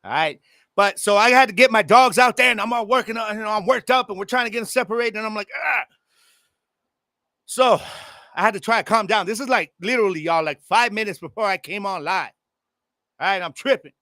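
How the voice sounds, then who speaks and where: A man in his forties hosts a casual football podcast from his home, chatting straight to his listeners in a loose, excitable way full of slang. His voice is bright and forceful and sits a little high for a man. The sound is dry and close, with no room echo. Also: fast. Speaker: podcast host. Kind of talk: casual sports podcast monologue. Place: home room with air conditioning.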